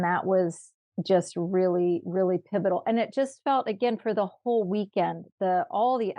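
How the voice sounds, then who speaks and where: A woman guest in a casual interview, speaking in a measured, thoughtful way with pauses. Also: mid-range voice, dark tone, no room sound, highs cut off. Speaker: guest, retreat attendee.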